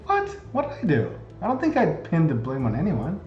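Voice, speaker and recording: A man's voice: fairly high pitch, huge pitch swings, fairly quick. Casting: male game streamer, chatty and jokey, roomy and slightly dull mic, faint music behind. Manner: chatty, jokey, reads game text aloud. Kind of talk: casual game commentary, reading dialogue aloud.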